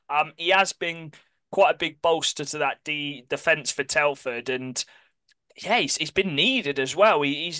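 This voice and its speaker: A man chats casually as a podcast co-host, often backtracking to correct himself. His voice is bright and crisp, recorded close and dry with no room echo. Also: fairly high pitch. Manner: chatty, self-correcting, apologetic about pronunciation. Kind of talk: casual sports chat.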